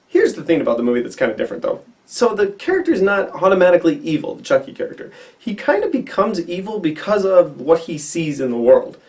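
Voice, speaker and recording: A man giving a casual, animated movie review to camera with quick asides, recorded indoors against a white backdrop. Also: on the high side, far from the mic.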